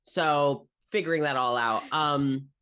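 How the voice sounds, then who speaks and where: A rambling game master narrating a tabletop game. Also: male voice, a little high, slow pace, clean tone. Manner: relaxed and rambling, with frequent 'um' and 'uh'.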